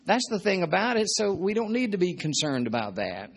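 A man's voice: high voice, very animated, brisk, breathy edge. A man preaching a sermon in a conversational, joking way, often repeating his points. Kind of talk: sermon teaching.

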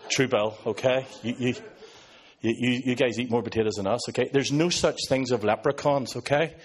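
A man's voice: mid-range voice, normal speed, long pauses. Northern Irish man, 50s, pastor; sarcastic, joking preacher working the crowd. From Northern Ireland. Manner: joking, sarcastic asides to an audience. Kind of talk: sermon.

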